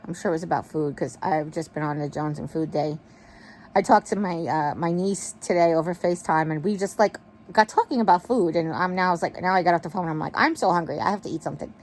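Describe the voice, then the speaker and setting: A woman's voice: lowish voice, brisk, a little mellow, slight background noise. A woman vlogger chatting casually to her viewers from her bed in a rambling, affectionate way. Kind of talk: casual chat to camera. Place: bedroom, in bed. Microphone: wireless earbud mic.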